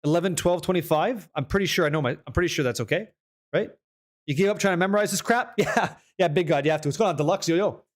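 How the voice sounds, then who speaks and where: A young man streaming a game, chatting casually with viewers, reading patch notes aloud and swearing freely when excited. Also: on the high side, fast. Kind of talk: casual live-stream chat.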